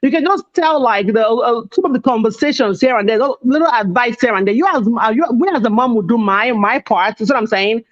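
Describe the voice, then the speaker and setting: A woman's voice: a little high, brisk, few pauses, highs cut off. A woman in her thirties, co-hosting a casual panel talk, rambling with many restarts and asides. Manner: rambling, many restarts and "you see what I'm saying". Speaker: podcast co-host.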